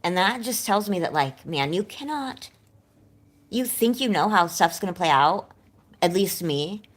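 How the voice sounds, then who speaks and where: A woman with a slightly low voice talks openly to viewers on a livestream. Her speech has a slight nervous lisp, and she rambles, circling back on her own doubts as she goes. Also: expressive, a little slow. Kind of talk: candid livestream chat.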